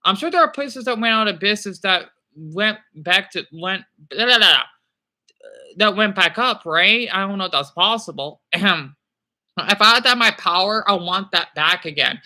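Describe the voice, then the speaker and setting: A man's voice: sits high, lively intonation, normal speed, pushed and bright. A young man chatting to viewers on a livestream, rambling and apologetic, with many halts and fillers. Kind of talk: rambling live chat with viewers.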